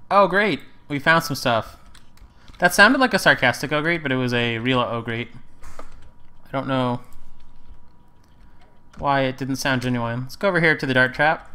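A man's voice: mid-range voice, normal speed, long pauses, pushed and bright, smooth. A man casually commentating his gameplay, rambling and correcting himself with wry asides. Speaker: let's play host.

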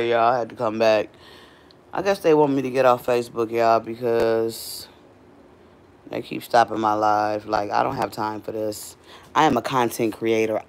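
A middle-aged woman talking casually to her live stream viewers from her home doorway on a phone, chatty and animated. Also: a bass voice, gravelly, a little hiss or hum.

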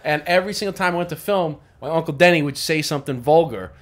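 A man co-hosting a casual podcast, telling stories and jumping into loud voices when he quotes people. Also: fairly high pitch, fast talker. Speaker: podcast co-host. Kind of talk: casual chat.

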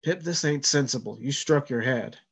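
A man voicing a weary ship's carpenter in a story reading, speaking low and restrained. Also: normal speed, slightly rough.

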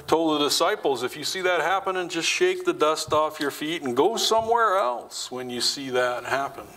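Preaching in church, a man with a fairly bright tone keeps things conversational, asking the congregation questions. He's a pastor who dramatizes quotations, lifting his pitch as he acts them out. Recording quality is rough.

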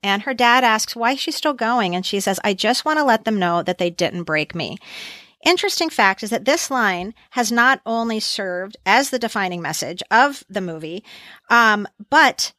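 Middle-aged woman co-host, chatty, acts out quotes, medium pitch, dry close sound. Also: expressive, normal speed, bright, forceful tone, no echo. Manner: chatty, acts out movie quotes with many ums. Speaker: podcast co-host. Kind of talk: casual chat.

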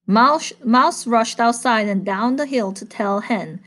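A woman reading a children's picture book aloud at bedtime, playful and animated. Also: a little high, slow pace.

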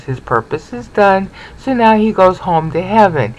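A man's voice: sits high, big pitch swings, a little slow, hardly any pauses, darkish tone, rough recording. A man giving an informal Bible history lecture, chatty and often checking in with "okay?". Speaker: Bible teacher. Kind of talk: informal lecture over slides.

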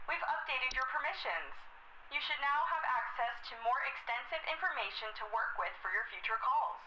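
Supervisor Carol a cold corporate boss. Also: female voice, high-pitched, animated, normal speed, pushed and bright, a little hiss or hum, exaggerated voice, low-quality recording. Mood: formal stern. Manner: formal, cold, bureaucratic. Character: stern corporate female supervisor.

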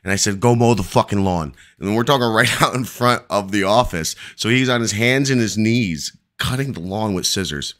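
A man's voice: on the low side, normal speed, hardly any pauses, a bit bright. A man hosting a live stream, telling a long, rambling story full of profanity.

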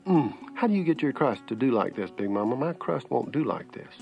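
A man's voice: sing-song, a little fast, creaky. A man with a Southern accent voicing chattering Southern family relatives, mostly women, passing dishes at supper. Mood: chatty. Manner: folksy, overlapping table chatter, raised falsetto pitch. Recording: slightly muffled, faint music.

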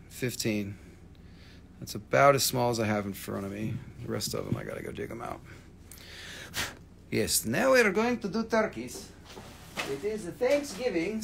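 A man's voice: a little high, big pitch swings, unhurried, creaky, pauses often, a bit bright, slight background noise. A man hosting a live rock-selling stream, rambling casually, swearing freely and calling out prices to viewers.

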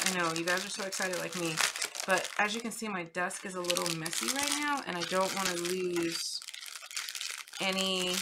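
A woman hosting a crafting channel, chatting casually and gushing excitedly as she unboxes gifts at her desk. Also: lowish voice. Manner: gushing, excitable, squeals over cute items. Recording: clear background noise, paper crinkling.

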